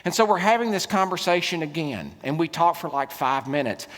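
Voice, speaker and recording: A middle-aged man, preaching a sermon as a keynote speaker, telling stories with humor and big swings in loudness. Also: fairly high pitch, animated, brisk. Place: large hall. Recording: reverberant hall.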